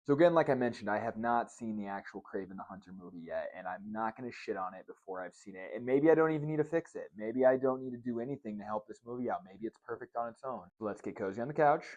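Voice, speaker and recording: A man's voice: lowish voice, animated, quick pace, hardly any pauses, a little mellow, no echo, dull audio. A young man hosting a casual vlog, reviewing a movie and a cocktail with candid, sarcastic asides and frequent swearing. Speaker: host.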